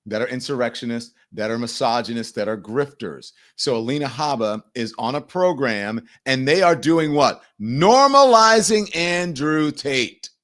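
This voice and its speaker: A man's voice: mid-range voice, normal speed, few pauses. A man hosting a live news show and commenting on the day's stories. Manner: animated, mimics people in quoted voices. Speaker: show host.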